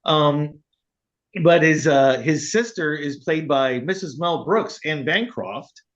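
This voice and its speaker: A man's voice: takes it slowly, a bit bright. A man co-hosting a casual film podcast, rambling with many fillers and laughing as he retells scenes. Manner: rambling, laughs often, acts out quotes in a high voice. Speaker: podcast co-host. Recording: dull lo-fi sound.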